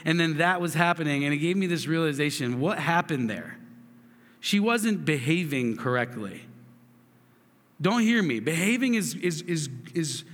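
A man's voice: on the high side, animated, normal speed, a bit bright, in a large hall. A man in his thirties giving a sermon, telling a family story with earnest asides and frequent restarts. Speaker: pastor.

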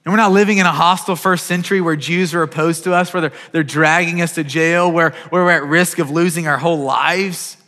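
A man's voice: on the high side, steady tone, brisk, hardly any pauses, pushed and bright, long reverb tail. A man preaching a sermon as pastor, earnest and urgent, often repeating words as he starts a phrase.

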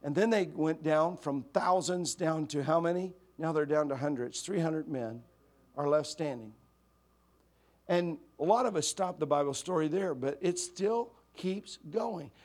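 A male pastor delivers a sermon in a relaxed, conversational manner, mixing humor into his storytelling. His voice sits high for a man. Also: a little slow.

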